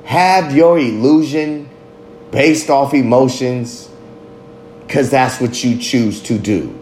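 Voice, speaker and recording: A man's voice: mid-range voice, slow pace, darkish tone, slight background noise. A father talking in a candid, confessional monologue, blunt and heavy with profanity. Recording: roomy echo.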